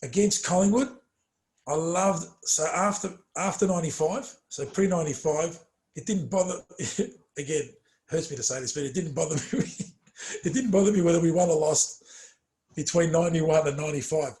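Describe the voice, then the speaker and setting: A middle-aged man chats casually in an interview. His voice sits a bit high and he tells stories with animated stress and plenty of fillers, often trailing off quietly. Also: moderate pace. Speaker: former footballer, interview guest.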